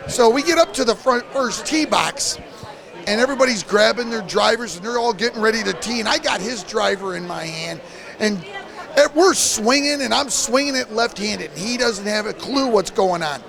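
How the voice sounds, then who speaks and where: A man telling a prank story in a lively way and acting out the lines of the people in it. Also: high-pitched, moderate pace, creaky, crowd noise. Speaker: party guest telling a story. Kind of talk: animated storytelling.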